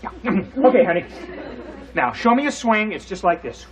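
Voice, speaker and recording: A flirty sitcom dad. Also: male voice, high voice, normal speed, crowd noise. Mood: cheerful. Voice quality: lively, teasing delivery. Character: playful, flirty suburban dad, robot inventor. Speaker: sitcom father and inventor. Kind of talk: 1980s studio sitcom acting.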